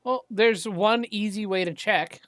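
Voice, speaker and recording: A game master narrating a tabletop role-play game and chatting in a slow, halting way, laughing often. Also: mid-range voice, fairly bright tone, dry recording.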